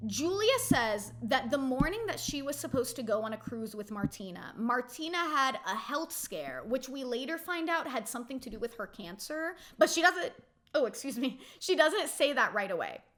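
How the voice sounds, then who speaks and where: A woman in her twenties giving a casual, animated reality TV recap, full of rhetorical questions and "like" fillers. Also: sits high, moderate pace. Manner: heavy use of "like" fillers. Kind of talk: casual chatty episode recap.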